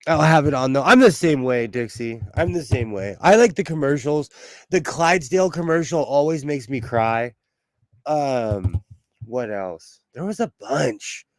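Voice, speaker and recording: This livestream host, a Southern Californian with the accent to match, talks casually with viewers during a home sewing stream and laughs frequently. His voice is mid-range and a little slow, recorded with no room sound.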